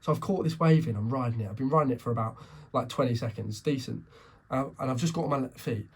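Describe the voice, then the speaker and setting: A man's voice: mid-range voice, fast, husky. A tired young man co-hosting a podcast, telling a story in casual chat with frequent restarts and self-corrections. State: tired, yawning. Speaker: podcast co-host.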